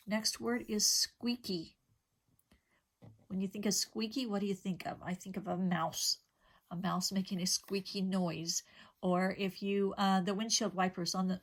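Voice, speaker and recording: Patient woman teaching young children. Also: lowish voice. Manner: patient, explains slowly with simple examples and questions to children. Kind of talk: elementary vocabulary lesson.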